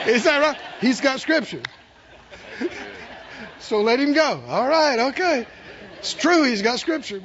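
A man preaching a sermon, calling on the congregation to answer, dropping to near whispers and rising to loud peaks. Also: very high-pitched, expressive, unhurried, pauses often, muffled recording, some chatter behind, a little hiss or hum. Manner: call-and-response preaching, swinging from hushed to loud. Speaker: pastor.

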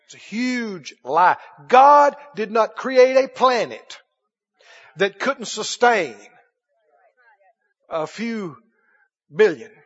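A man preaching a sermon emphatically, repeating phrases and rising into shouts. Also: sits high, expressive, drawn-out words, long pauses. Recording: dull lo-fi recording.

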